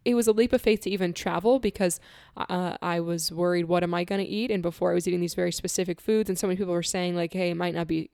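A woman tells a personal story in an easy, conversational voice. She is earnest and animated and laughs often, and she acts out the quotes in her story. The recording is close and dry, with no room echo. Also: on the low side, fast talker, few pauses.

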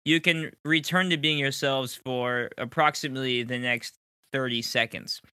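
A man acting as game master, playfully quizzing his players in quick questions and laughing often. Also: medium pitch, fairly even intonation, pushed and bright, clear, resonant tone, dry recording, studio quality. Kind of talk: hosting a rapid-fire question round.

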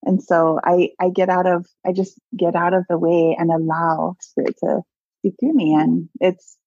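A woman interview guest, a coach, telling personal stories in a lively, chatty way with lots of "like" and laughter. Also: on the low side, moderate pace, no room sound, dull audio. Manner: animated storyteller, many "like"s and laughs. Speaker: guest, abundance mindset coach. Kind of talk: casual storytelling interview.

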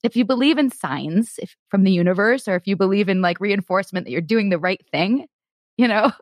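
Woman podcast host, mid pitch, chatty and gushing, lots of likes, dry sound. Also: animated, brisk, no echo. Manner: chatty, warm storytelling, many fillers. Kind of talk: casual interview chat.

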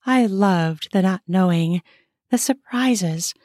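A woman narrates an erotic story in the first person, taking her time over every phrase. Her reading is slow and intimate, and the close, dry recording has no room sound around her voice. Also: medium pitch, darkish tone, no room sound. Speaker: narrator and author.

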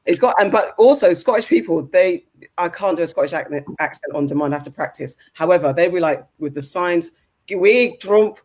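A woman co-hosting a casual chat, jokey and animated, swearing for emphasis. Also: on the low side, a little fast. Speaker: podcast co-host.

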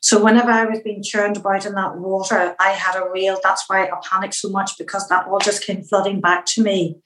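A middle-aged woman from Northern Ireland with a Northern Irish accent, telling stories as an interview guest in a lively way, with many fillers. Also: medium pitch, a little fast, roomy sound, slight background noise, poor audio. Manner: lively storyteller who acts out her own past remarks, with many fillers. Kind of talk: anecdotal interview storytelling.

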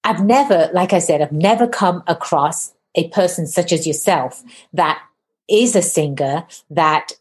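A woman hosting a podcast interview, talking quickly and enthusiastically in a casual, effusive way. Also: on the low side. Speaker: podcast host.

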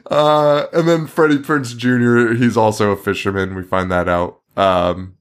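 A man's voice: mid-range voice, fairly even intonation, a little slow, clean tone. A man co-hosting a horror film podcast, telling the story in a loose, profane, laughing way. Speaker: podcast co-host. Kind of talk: casual film podcast chat.

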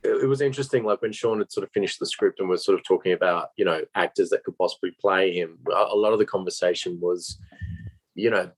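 A middle-aged Australian man, a film director answering interview questions in a halting way, searching for his words. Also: low voice, slightly rough, no echo, poor audio.

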